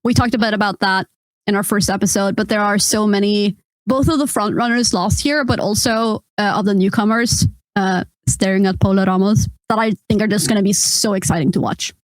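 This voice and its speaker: A woman's voice: medium pitch, fairly quick, dry recording. A woman co-hosting a casual podcast, chatty and loose, with frequent fillers and laughs. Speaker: podcast co-host.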